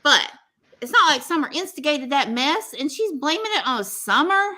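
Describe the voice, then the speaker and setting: Casting: chatty Southern woman host, bright voice, animated and joking. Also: high-pitched, normal speed. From Texas. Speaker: podcast host. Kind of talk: casual reality-show recap chat.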